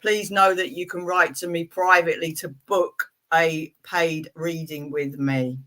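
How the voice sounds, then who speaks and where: Middle-aged woman, tarot reader, chatty live-stream host, low-ish bright voice. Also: steady tone, measured pace. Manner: chatty and playful, rambling asides. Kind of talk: casual live-stream reading.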